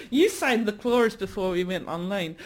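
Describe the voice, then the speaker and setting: A woman's voice: medium pitch, expressive, unhurried. Rambly woman artist doing a comedy bit, giggles a lot, voice jumps all over. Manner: rambling, self-mocking, laughs often. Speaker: artist and performer. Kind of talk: comic live performance chat.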